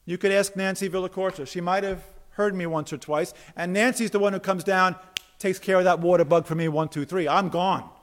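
A man preaching a sermon from the pulpit, his voice sitting high for a man. He delivers with animated energy, acting out quoted lines in bursts and dropping to soft, hushed emphasis. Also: fairly quick. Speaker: pastor.

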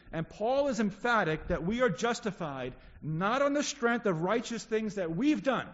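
A man with a fairly high voice preaches a sermon, earnest and teaching, repeating key phrases to drive them home. The sound is dull and lo-fi, with a long reverb from the hall. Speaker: pastor.

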